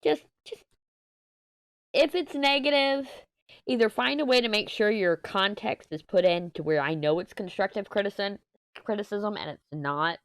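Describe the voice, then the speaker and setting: Candid, emotional woman vlogging, smooth voice. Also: medium pitch, moderate pace, a bit bright, no room sound. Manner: candid, emotional, swearing, rambling with restarts. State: tearful, upset. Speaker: crafting channel host. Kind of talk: casual chat to camera.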